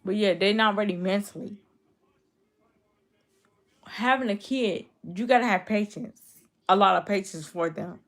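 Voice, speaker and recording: A woman's voice: mid-range voice, a little slow, pauses often. Blunt twenty-year-old woman streamer. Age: 20s. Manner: blunt, repetitive, talks straight back to commenters. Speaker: YouTube streamer. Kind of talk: casual live-stream chat with viewers.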